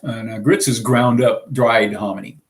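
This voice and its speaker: A man's voice: medium pitch, steady tone, normal speed, faint music behind. A man who grew up in the American South, co-hosting a casual live chat aboard a small sailboat, rambling with lots of fillers and chuckles. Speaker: sailing vlog co-host.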